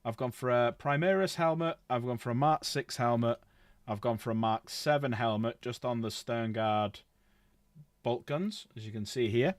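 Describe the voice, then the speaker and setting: A man's voice: mid-range voice, moderate pace, no room sound. A middle-aged man rambling casually while he paints models on a livestream, swearing freely.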